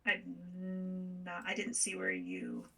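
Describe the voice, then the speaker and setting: Husky, gravelly woman player, far off. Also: fairly low pitch, completely flat delivery, takes it slowly, fairly bright tone, faint music behind. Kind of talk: casual tabletop play.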